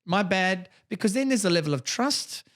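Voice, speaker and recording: A man's voice: sits high, expressive, moderate pace, a bit bright. A man co-hosting a podcast in casual chat, blunt and emphatic, swearing freely. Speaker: podcast co-host.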